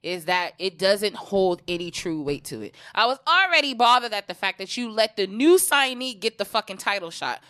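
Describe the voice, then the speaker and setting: A woman's voice: medium pitch, big pitch swings, moderate pace, few pauses, fairly bright tone. A woman co-hosting a casual podcast, talking bluntly and swearing as she rants. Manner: blunt, exasperated, swears often. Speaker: podcast co-host.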